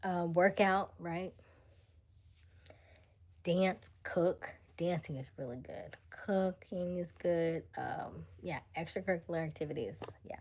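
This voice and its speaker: This is a young woman hosting a casual live stream into a phone or webcam, talking easily with her viewers. Her voice sits a touch low, and she laughs often. She slips into breathy, whispery asides between her chattier lines. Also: slow, a little mellow. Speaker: livestream host.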